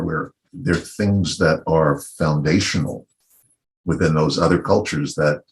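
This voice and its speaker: A middle-aged man from Virginia speaking on a panel discussion in a thoughtful, unhurried and wry way. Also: sits low. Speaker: panel guest.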